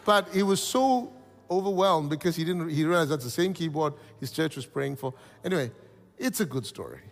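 A man's voice: on the high side, a little fast, vocal fry, in a large hall, soft background music. A man preaching a sermon as pastor, telling stories with animation and calling on the congregation to repeat after him. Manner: animated storytelling preacher, calls out congregation responses. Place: church hall.

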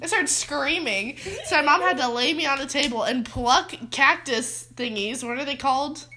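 A woman's voice: high voice, normal speed, sharp tone. A teenage girl co-hosting a casual podcast, telling childhood stories and laughing often mid-sentence. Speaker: podcast co-host. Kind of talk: casual chat, storytelling.

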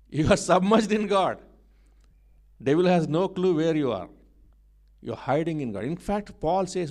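A male preacher delivering a sermon with fervent, repetitive emphasis. His voice sits fairly high for a man, and he moves between hushed moments and forceful rises. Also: animated, normal speed, long pauses. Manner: emphatic, repetitive, swings between soft and loud.

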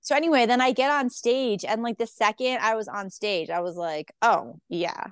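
A woman's voice: fairly high pitch, fairly quick, clear, resonant tone, no room sound, studio quality. A woman comedian telling stories in casual chat, acting out quoted voices, saying "like" a lot and swearing freely. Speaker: stand-up comedian guest.

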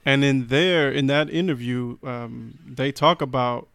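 A man with a smooth, resonant voice co-hosts a casual podcast. He hedges a lot and hunts for his words. The sound is close and completely dry. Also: mid-range voice, steady tone, a little slow, fairly bright tone, no echo. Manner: hedging, searches for words with ums and restarts. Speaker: podcast co-host. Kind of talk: casual chat.

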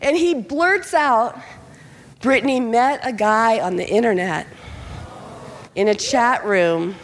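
A middle-aged woman pastor telling a personal story in a sermon, animated and acting out the voices of the people in it. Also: on the high side, slow pace, a little hiss or hum. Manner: animated, acts out quoted voices. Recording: long hall reverb.

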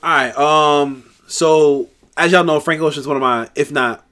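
A man co-hosting a podcast in casual chat, talking quickly and defensively with stammering restarts. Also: fairly high pitch, bright, forceful tone. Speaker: podcast co-host.

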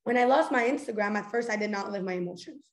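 A young woman with a mid-range voice talks at a quick pace as she hosts a loose, goofy yet earnest motivational chat. Fillers like "like" and frequent restarts run through her speech, and the recording has room echo.

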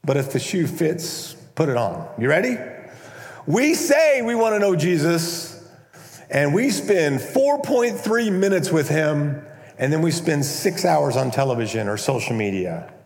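A man preaching a conversational, animated sermon as a pastor, now and then acting out prayers in a mock-pompous voice. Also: on the high side, a little slow. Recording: echoey hall, long reverb.

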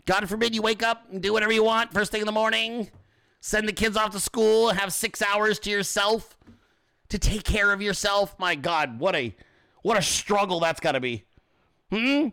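A man's voice: high voice, normal speed, bright, forceful tone, clean tone. A man hosting a casual livestream, mocking and profane, laughing often and switching into sarcastic put-on voices. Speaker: host.

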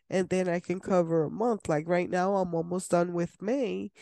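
A woman's voice: on the low side, warm tone, dry recording. A woman hosting a solo podcast from her desk at home, chatting in a rambling, enthusiastic way. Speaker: podcast host.

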